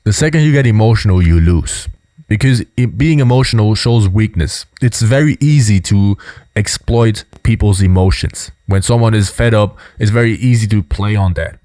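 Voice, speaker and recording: A young man walks through body language points in a casual, explanatory way. His voice sits fairly low, and he keeps checking in with "you know" and "right?". The recording is dry and close. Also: moderate pace, mellow, no room sound.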